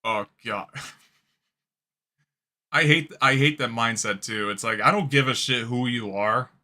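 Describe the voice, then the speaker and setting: A man's voice: mid-range voice, unhurried, pushed and bright. A man hosting a reaction video, talking casually, swearing and laughing often. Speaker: host. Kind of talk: reaction commentary.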